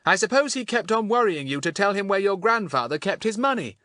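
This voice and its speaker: A man reading an audiobook, voicing an eager, bossy schoolboy detective in a brisk, confident manner. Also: high voice, expressive, sharp tone, no echo, studio quality, voice pushed up. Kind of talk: audiobook character voice.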